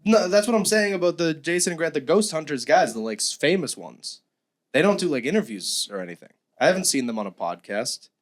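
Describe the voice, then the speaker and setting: A man's voice: on the high side, expressive, a little fast. A man co-hosting a casual podcast, swearing and acting out quotes in silly voices. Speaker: podcast co-host. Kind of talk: casual chat.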